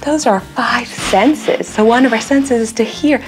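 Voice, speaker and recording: A woman hosting a toddler learning video, speaking in a slow, clear, sing-song way with exaggerated expression. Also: a little high, soft background music. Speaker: children's video host. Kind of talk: toddler learning video with songs and pretend play.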